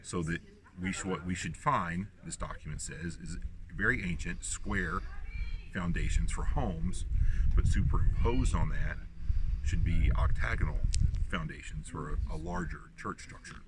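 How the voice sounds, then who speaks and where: A man's voice: low voice, a little slow, noisy background. A man from the United States teaching the Bible on site at outdoor ruins, talking loosely with many fillers and restarts. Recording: distant mic with clear outdoor ambience.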